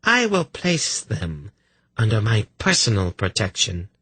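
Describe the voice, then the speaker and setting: Man voicing a scheming priestess, purring, slow, slightly raised pitch. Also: wildly swooping pitch, pushed and bright, slightly rough, dry recording, full character voice. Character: scheming, smirking female high priestess. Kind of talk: audiobook character voice.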